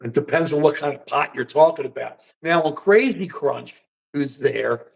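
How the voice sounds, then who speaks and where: A woman hosting a live talk stream, chatting casually about politics in an animated, joking, emphatic way. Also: low-pitched, moderate pace, vocal fry, poor audio. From United States. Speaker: livestream host.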